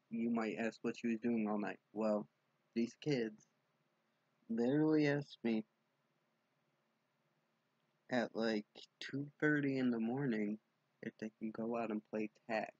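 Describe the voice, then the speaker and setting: Young man vlogger, low gravelly husky voice, dry dull lo-fi recording, rambling late-night story. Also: slow, long pauses, darkish tone, no echo. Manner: rambling storytelling with frequent likes and swearing. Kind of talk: casual late-night vlog. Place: dark room at home.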